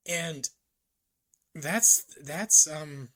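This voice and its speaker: A man talking to camera in a casual personal vlog, halting and reflective, with many ums and restarts. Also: a little high, bright, forceful tone. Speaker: vlogger.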